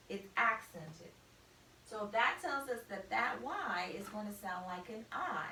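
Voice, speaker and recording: A woman teacher walks children through a phonics lesson at a slow, careful pace, stretching and repeating each sound. Her voice sits slightly high and bright. She stands back from the mic in an echoey room with a faint hiss behind her. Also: distant mic.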